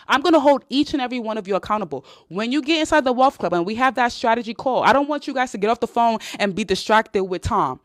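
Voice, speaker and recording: A woman's voice: fairly high pitch, expressive, fast talker, few pauses, dry recording, clean studio sound. A woman from Nigeria, an online business coach, giving a blunt, casual pep talk. She swears and repeats lines for emphasis.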